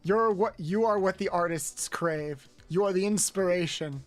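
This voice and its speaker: A woman's voice: fairly low pitch, measured pace, faint music behind. Streamer woman counting reps between jokes. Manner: counting reps aloud, grumbling and joking with chat. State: doing exercises between lines. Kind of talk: casual live-stream chat.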